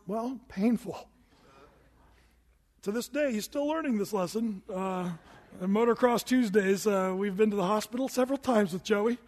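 A middle-aged man preaching a sermon as pastor, telling a story with animated swings that climb to shouts. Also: high voice. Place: church sanctuary. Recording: long hall reverb.

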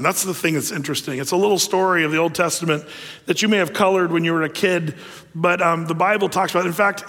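A man's voice: a little high, a bit bright, big-room sound. A man preaching a sermon as a pastor, folksy and humorous, with frequent fillers.

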